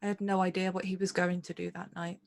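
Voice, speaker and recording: A woman's voice: fairly low pitch, level tone, creaky. A woman playing Mara, a remorseful noble sister. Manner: earnest, apologetic, halting.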